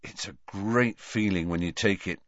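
Narrator doing a sulky, laid-back teen boy, low and grumbling, dull lo-fi sound. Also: no room sound, lightly acted. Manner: grumbling, drawn-out. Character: grumpy laid-back teenage schoolboy. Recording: dull lo-fi recording.

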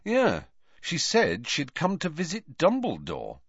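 Guy doing an awkward teen boy, lively voice, kinda dull dry audio. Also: on the high side, slow, husky, no echo, voice pushed up, full character voice. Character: teenage boy, awkward and curious.

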